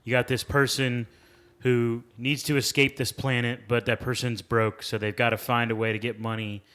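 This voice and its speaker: A man's voice: mid-range voice, level tone, moderate pace, fairly bright tone. A man co-hosting a podcast, giving candid opinions in a laid-back casual chat. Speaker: podcast co-host.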